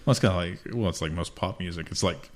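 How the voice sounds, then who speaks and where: A young man with a very deep voice chats on a casual podcast. He speaks in a relaxed, reflective way, with plenty of "like" and "you know" as he thinks aloud. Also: fast talker. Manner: laid-back, reflective, filler-heavy. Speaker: podcast co-host. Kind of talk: casual chat.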